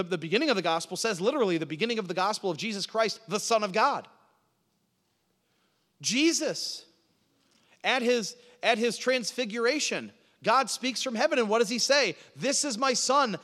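Male preacher, high animated voice, teaching style with rhetorical questions, reverberant hall sound. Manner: asks the audience questions and answers them, repeats words. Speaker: preacher teaching a Bible class. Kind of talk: sermon-style Bible teaching.

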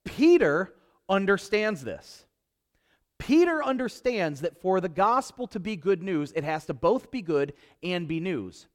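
A man's voice: high-pitched, big pitch swings, a little slow. A male pastor preaching a sermon to his congregation, emphatic and repetitive, with joking asides. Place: church before a congregation.

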